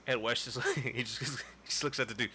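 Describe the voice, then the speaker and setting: A man's voice: medium pitch, a little fast, very noisy. A man in his twenties casually telling a long story on a podcast, loose and profane, acting out what people said. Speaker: podcast co-host.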